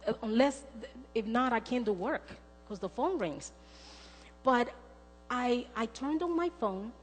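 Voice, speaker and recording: A woman's voice: on the high side, a little hiss or hum. Woman preaching in a reverberant church. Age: middle-aged. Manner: earnest, storytelling, acts out quoted dialogue. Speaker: speaker. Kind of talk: sermon with personal testimony. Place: church sanctuary. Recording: long church reverb, faint music.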